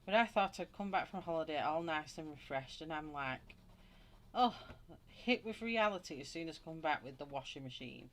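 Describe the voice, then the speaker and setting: A woman from Wigan with a low, everyday voice and a broad northern English accent. She chats casually and rambles while colouring on a live stream, greeting viewers by name between thoughts. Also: lively intonation, normal speed. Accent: Wigan, Lancashire. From England. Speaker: colouring channel host.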